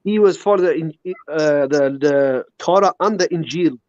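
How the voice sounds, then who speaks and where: A man's voice: on the high side, measured pace, a little mellow, dry recording, highs cut off. A man calling into a heated religious debate, argumentative, interrupting and stumbling over his words.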